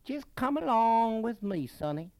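A man's voice: on the high side, huge pitch swings, measured pace, clear, resonant tone. A man voicing an elderly, gracious Maryland lady with a quavering, cracked voice and a drawling Southern lilt. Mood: coaxing. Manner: sweetly coaxing, drawling.

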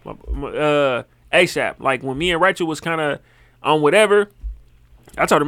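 A man's voice: a little high, normal speed, no room sound, clean studio sound. A man in casual chat, telling stories with animation and laughing often. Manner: animated storyteller, laughs a lot.

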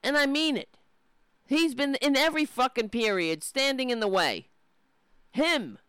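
A woman's voice: high-pitched, expressive, unhurried, fairly bright tone, smooth, dry recording. A woman ranting in angry, profane, sarcastic commentary as she reacts to political clips.

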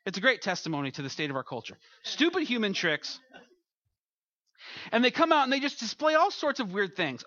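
A man's voice: sits high, huge pitch swings, moderate pace, bright, forceful tone, no room sound, highs cut off. A man preaching a conversational sermon as pastor, who acts out little quoted voices as he goes.

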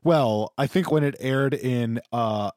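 A man's voice: medium pitch, slow, darkish tone, no echo, studio quality. A man co-hosting a casual movie review podcast, wry and jokey. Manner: wry, jokey, slips into silly accents. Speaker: podcast co-host.

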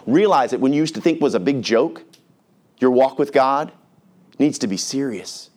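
A man's voice: mid-range voice, expressive, moderate pace, a little mellow. A male pastor preaching a sermon in an earnest, conversational way, reading scripture aloud.

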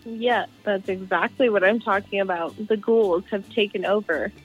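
A woman playing a caller on a mock call-in comedy show, delivering cryptic warnings in a flat, ominous way. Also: medium pitch, normal speed, over music, poor audio. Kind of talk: improvised comedy bit.

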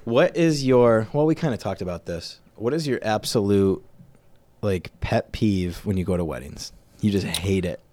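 A man's voice: fairly low pitch, normal speed, mellow. A man co-hosting a casual podcast chat, joking and laughing often, recorded on a close studio mic. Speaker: podcast co-host.

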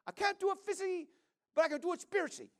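A man doing an excited, high-voiced church lady. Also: rapid-fire. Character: eager, earnest middle-aged woman telling of her healing. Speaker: pastor.

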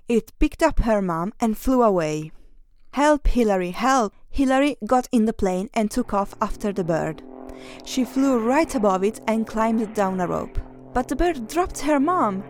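A woman reading a children's story aloud, doing lively voices for the characters. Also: fairly high pitch. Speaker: story reader.

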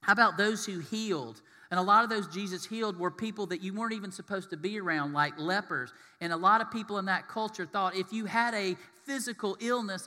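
A man's voice: sits high, sharp tone, big-room sound. A man preaching a sermon as pastor. He asks his listeners questions and briefly acts out the people in the stories. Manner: asks the congregation questions and acts out short quoted voices.

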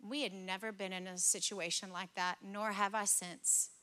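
Animated, bright-voiced woman pastor preaching. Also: mid-range voice, normal speed. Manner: animated, acts out dialogue in stories. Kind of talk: sermon with personal storytelling. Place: church service.

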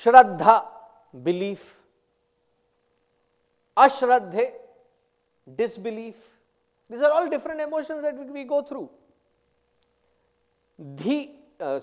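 High-voiced man teaching, slowly. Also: a little mellow, long reverb tail. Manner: unhurried storytelling, explains terms one by one. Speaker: spiritual teacher. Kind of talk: spiritual discourse with anecdotes.

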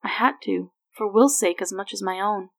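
A woman reading aloud and voicing a gentle grown woman who speaks softly and hesitantly. It is essentially her own voice. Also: mid-range voice, normal speed, gravelly. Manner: soft-spoken, hesitant.

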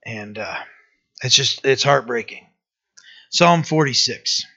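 Male preacher, bright tense tone, muffled lo-fi church tape. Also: mid-range voice, expressive, slow, creaky, breathy edge. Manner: conversational preaching with restarts and rising emphasis. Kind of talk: sermon.

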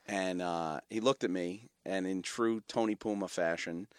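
Low-voiced man telling family stories. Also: a little slow, smooth, dry recording, clean studio sound. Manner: animated storyteller, many fillers and restarts. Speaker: guest, media company founder. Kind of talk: casual interview storytelling.

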